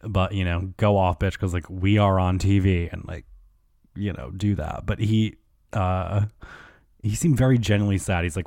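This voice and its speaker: Male podcast host, chatty and gossipy with a profane, filler-heavy flow. Fairly low voice, dead-dry studio sound. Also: moderate pace, gravelly, darkish tone, dry recording. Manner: chatty, gossipy, profane, lots of "like", mimics people in quotes. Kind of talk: casual solo podcast recap.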